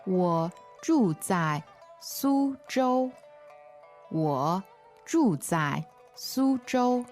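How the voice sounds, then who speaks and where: A woman teaching a language lesson, repeating phrases slowly and patiently. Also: mid-range voice, lively intonation, darkish tone, soft background music.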